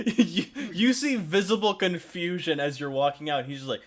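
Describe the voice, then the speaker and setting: A man's voice: sits high, moderate pace. A man narrating a tabletop game as game master, chuckling now and then. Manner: chuckling, relaxed narration with voiced characters.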